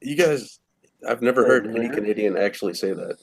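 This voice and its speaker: A man's voice: lowish voice, a little fast, a crowd in the background. A man co-hosting a livestream, teasing and being silly. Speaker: stream co-host. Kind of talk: casual chat.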